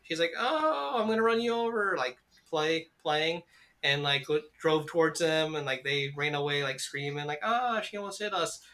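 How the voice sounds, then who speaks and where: A woman's voice: sits low, sharp tone. A woman co-hosting a podcast in casual chat, rambling with lots of fillers and swearing freely. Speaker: podcast co-host.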